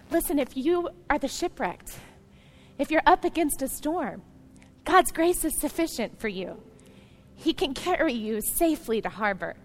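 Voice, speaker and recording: High-voiced woman preaching a sermon. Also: animated, measured pace. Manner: earnest preaching that swells into loud emphatic passages; direct appeals to the congregation. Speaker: pastor.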